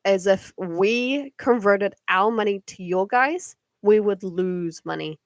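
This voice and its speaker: A woman's voice: medium pitch, slow pace, no echo, studio quality. A young woman with a New Zealand accent chatting casually to viewers on a live stream at home, rambling with many fillers and giggles. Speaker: livestream card reader. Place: home at night.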